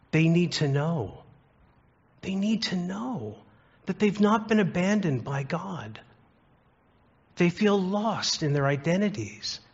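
A pastor with a slightly rough, mid-range voice delivers a sermon of earnest stories and rhetorical questions for the congregation. The recording is dull and lo-fi.

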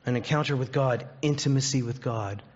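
A man preaching a sermon as pastor, earnest and deliberate, slowing down on key phrases and ending in prayer. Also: medium pitch, highs cut off.

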